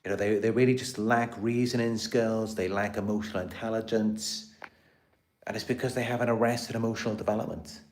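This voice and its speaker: Low-voiced man talking on a live stream. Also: steady tone, a little fast, a little mellow. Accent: British. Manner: rambling, repeats words and restarts, many "you know" fillers. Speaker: host of a live stream about narcissistic abuse. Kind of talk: casual live-stream monologue.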